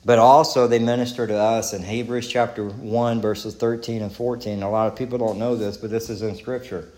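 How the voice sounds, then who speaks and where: A man's voice: lowish voice, little pitch movement, a little fast, a little mellow, roomy sound. A man with a Texan accent preaching a sermon as a pastor, earnest and conversational, repeating questions and restarting his sentences. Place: church sanctuary.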